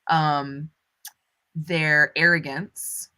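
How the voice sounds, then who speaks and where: Young female co-host, low bright voice, eager and playful in casual chat. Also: flat delivery, extremely slow, smooth. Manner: enthusiastic, playful asides. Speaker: book club co-host.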